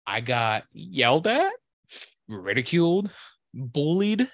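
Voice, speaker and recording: A man's voice: mid-range voice, animated, moderate pace. A man co-hosting a casual podcast chat, swearing often and mimicking his friend in a raised voice. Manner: loud swearing outbursts, mocking quotes in raised voice. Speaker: podcast co-host.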